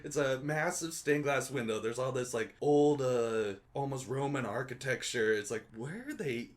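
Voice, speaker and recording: A man's voice: mid-range voice, moderate pace. Laughing man recapping a movie. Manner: laughs often while recapping, loose and amused. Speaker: podcast co-host. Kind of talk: casual movie recap chat.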